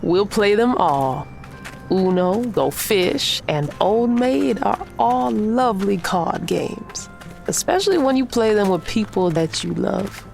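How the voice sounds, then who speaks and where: An actress playing a protective, loving old grandmother witch in an audio drama, firm and warm. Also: mid-range voice, expressive, takes it slowly, vocal fry, soft background music. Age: older.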